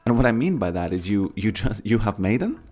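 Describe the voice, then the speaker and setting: A man's voice: on the low side, very animated, brisk, darkish tone, a little hiss or hum. A man streaming a video game, chatting casually in a rambling way, often stammering and repeating his words. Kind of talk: casual gameplay commentary.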